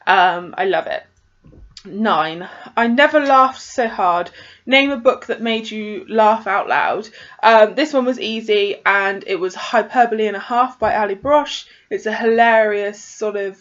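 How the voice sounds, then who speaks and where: A woman's voice: a little high, highs cut off. A young woman chatting casually to camera about books, exasperated at times and full of fillers. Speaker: book vlogger.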